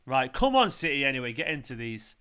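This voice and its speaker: A man's voice: medium pitch, very animated, a little fast, clean tone. A man hosting a live football watchalong stream, ranting and swearing at the referees. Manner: ranting, swearing, shouting in celebration. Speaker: football fan channel host. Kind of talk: live match watchalong commentary.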